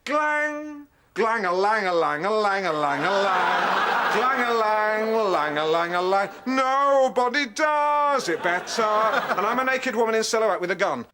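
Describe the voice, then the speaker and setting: An actor playing an excitable man who gleefully retells a spy film, acting out its scenes with put-on voices. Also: high-pitched, a little slow. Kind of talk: played comedy clip. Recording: loud noisy played clip.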